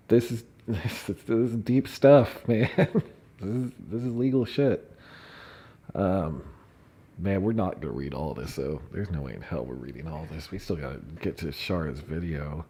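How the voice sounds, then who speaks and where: A man's voice: sits low, moderate pace, dark tone, slightly rough. A man hosting a casual commentary livestream, reading documents aloud with laughing fits, swearing and mocking asides. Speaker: streamer reading court filings.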